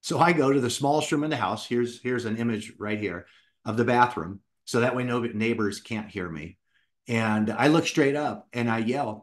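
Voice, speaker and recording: A middle-aged man who writes children's books tells his personal story in an animated way and acts out what he said back then. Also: medium pitch, moderate pace. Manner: animated, acts out his own past words. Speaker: children's book author and founder.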